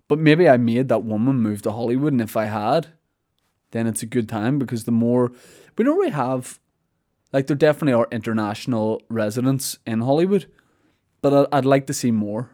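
A man's voice: medium pitch, brisk, a little mellow. Rambling male podcast host. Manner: rambling, self-mocking storytelling. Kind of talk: casual comic monologue. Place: studio.

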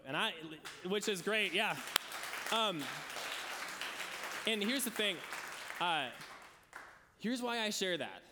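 Male pastor, high voice, chatty sermon storytelling with acted-out quotes, hall reverb. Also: noisy background.

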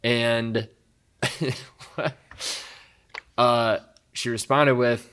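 A young man telling a story in casual conversation, animated and often laughing. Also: mid-range voice, very slow, pauses often, smooth. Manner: animated, laughs a lot while telling stories.

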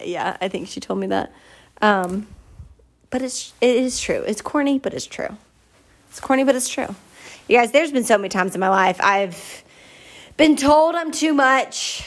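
A woman hosts a faith-based podcast, her voice pitched a little high, delivering a motivational monologue full of earnest emotion and chatty warmth. She drives her points home through emphatic repetition, keeping things casual with fillers and quick laughs.

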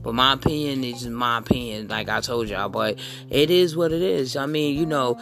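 A man's voice: mid-range voice, normal speed, creaky, a bit bright, faint music behind. A man hosting a podcast, ranting in a blunt, crude and rambling comedic way. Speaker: podcast host. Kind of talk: profane comedic rant.

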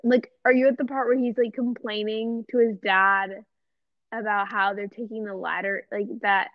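A woman's voice: medium pitch, moderate pace, dry recording. Rambling young woman, like every other word. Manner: rambling, says like constantly, excitable. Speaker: podcast co-host. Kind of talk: casual chat. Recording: dull, dry lo-fi sound.

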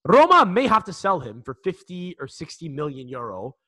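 Podcast co-host dude, kinda high and really bright, rambles, swears a lot, restarts every other sentence. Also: male voice, wildly swooping pitch, moderate pace, breathy edge. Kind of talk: casual sports podcast chat.

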